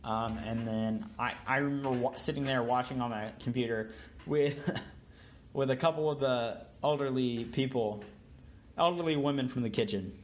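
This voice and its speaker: A man's voice: medium pitch, moderate pace, a little hiss or hum. A young man co-hosting a podcast, sleep-deprived and yawning, telling a rambling story full of fillers and restarts in casual chat. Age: young adult. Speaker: podcast co-host.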